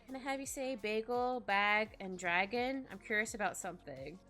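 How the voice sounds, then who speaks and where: A woman's voice: medium pitch, moderate pace, pushed and bright. A woman casually chatting while she draws on a stream, rambling and giggly as she reads and answers her chat. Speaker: art streamer. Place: home streaming setup. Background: faint background music.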